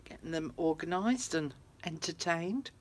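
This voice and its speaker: A woman's voice: low voice, lively intonation, a little slow. Lady, chatty craft livestream, talking to her viewers. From United Kingdom. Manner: chatty, talks to viewers, frequent laughs. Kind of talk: casual livestream chat. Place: room at home by a window.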